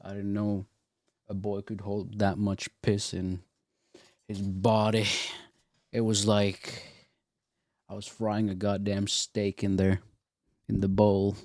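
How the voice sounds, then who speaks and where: A man's voice: lowish voice, level tone, slow pace, pauses often, darkish tone, no echo, clean studio sound. A young man hosting a casual reaction livestream, laid-back, swearing casually and laughing often. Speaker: livestream host. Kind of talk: casual reaction-stream chat.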